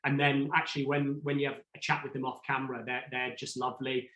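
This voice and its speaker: A man's voice: medium pitch, completely flat delivery, fast, sharp tone, reverberant, rough recording. A man, a podcast guest, telling a story in casual chat, rambling and full of restarts. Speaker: podcast guest, former reality show contestant.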